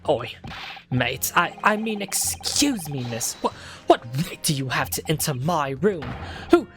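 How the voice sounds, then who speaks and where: A woman's voice: deep voice, sing-song, unhurried, over music. A woman voicing a shifty male witness, putting on a mixed Aussie and vampire-style accent. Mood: indignant.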